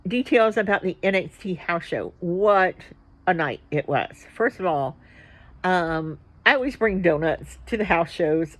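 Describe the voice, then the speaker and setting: A woman hosting a wrestling vlog, telling a rambling, excitable story with plenty of fillers and restarts. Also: fairly low pitch, rough recording. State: about to sneeze.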